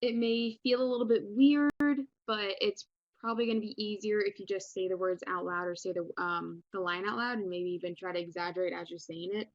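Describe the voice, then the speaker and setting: A woman's voice: on the low side, steady tone, brisk, fairly bright tone, dry recording, muffled recording. A young woman teaching a recorded English lesson in a casual, chatty way, with many ums and restarts. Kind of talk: recorded online class lesson.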